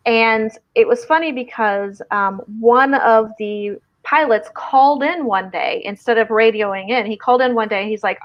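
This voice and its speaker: A woman with a Midwestern twang hosts a casual writing stream, her voice sitting a touch higher than most. She chats easily and reads viewer comments aloud. The audio comes through a video call and sounds lo-fi and dull. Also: moderate pace, few pauses. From Southern Indiana, US. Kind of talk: casual live-stream chat.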